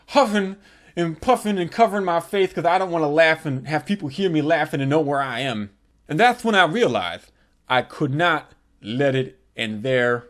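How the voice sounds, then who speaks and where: Crude animated male comic storyteller. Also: high-pitched. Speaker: comedic storyteller.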